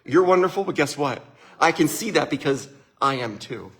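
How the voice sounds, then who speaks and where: A middle-aged man hosting a casual motivational talk, an animated storyteller who acts out family conversations. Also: fairly high pitch, moderate pace. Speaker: host.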